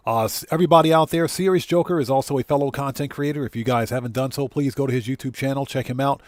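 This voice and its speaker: A man's voice: medium pitch, a little mellow, no room sound. A man hosting a casual gaming livestream, talking loosely and greeting chat viewers by name, at times choked up. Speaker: livestream host.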